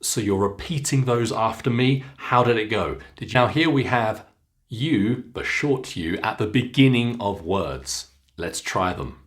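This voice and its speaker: A man with a British English accent teaching pronunciation, saying single words slowly and clearly for learners to repeat. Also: lowish voice, lively intonation, fairly bright tone. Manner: slow, clearly enunciated drilling of single words. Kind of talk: follow-along pronunciation lesson.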